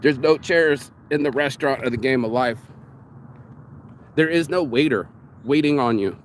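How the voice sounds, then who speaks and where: A man's voice: medium pitch, normal speed. Guy ranting outside, swears a lot, keeps restarting, bit of street noise behind. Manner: profane, rambling, talks in circles with restarts. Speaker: vlogger. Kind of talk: ranting monologue.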